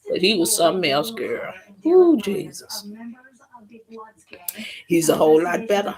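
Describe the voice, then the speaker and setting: Slow-talking animated woman. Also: fairly low pitch, poor audio. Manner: animated, exclaiming, drawn-out Southern phrasing. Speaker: live stream host. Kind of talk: casual storytelling chat.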